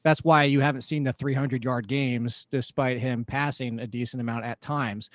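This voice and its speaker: A man's voice: mid-range voice, fairly even intonation, normal speed, dry recording. Man talking fantasy football, dry mic. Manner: analytical, chatty, laughs often. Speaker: podcast co-host.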